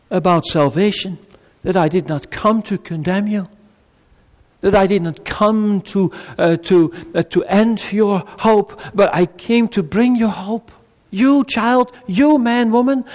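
A male pastor delivering a sermon, swinging between raised, urgent appeals and low, quiet pleading, with measured pauses and repeated phrases. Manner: preaching with wide swings between loud high appeals and low quiet pleas.

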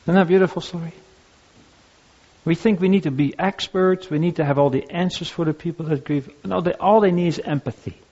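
An older male pastor gives a conversational sermon, drifting into personal stories and restarting his sentences as he goes. His voice sits a little high for a man, and the recording sounds dull and lo-fi. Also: a little fast, darkish tone. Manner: conversational, anecdotal, with frequent restarts. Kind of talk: sermon on grief and listening.

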